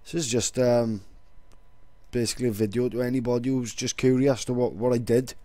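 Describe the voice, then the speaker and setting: A young man talks in a loose, rambling way and swears offhandedly. His voice sits at a middling pitch. The sound is close and dry. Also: fairly even intonation, fairly quick, dark tone, no room sound. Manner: rambling, laid-back, swears casually. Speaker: vlogger. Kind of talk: casual vlog talk.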